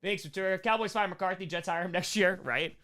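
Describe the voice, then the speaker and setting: A man with a New York accent hosting a casual live stream Q&A, reading fan mail and viewer questions, excitable, repeating his thanks and shouting hype lines. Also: high voice, fairly quick, slight background noise.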